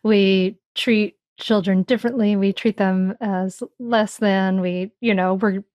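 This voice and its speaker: A woman's voice: medium pitch, steady tone, slow, darkish tone, no echo, lo-fi sound. A woman who writes about parenting, answering interview questions in a reflective, conversational way, often restarting her sentences. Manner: reflective, frequent restarts and "you know". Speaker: parenting author guest.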